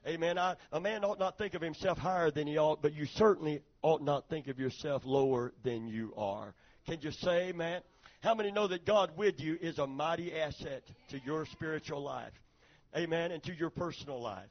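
A high-pitched male pastor preaching to his congregation, calling for amens and responses. The recording is dull and lo-fi, with the highs rolled off. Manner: preaching with call-and-response, reads a story aloud dramatically. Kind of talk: sermon.

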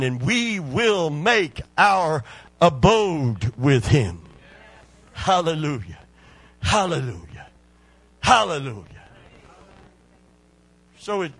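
A male preacher delivering a sermon, moving from hushed, drawn-out scripture lines to loud exhortation. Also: on the high side, big pitch swings, slightly rough.

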